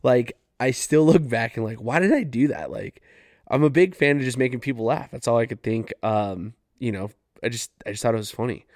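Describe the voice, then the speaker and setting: Medium in pitch and a little mellow, this young man talks briskly in clean studio sound without echo. Hosting a podcast from his couch at home, the Farmington, New Mexico, USA native rambles through funny, casual stories loaded with fillers and profanity.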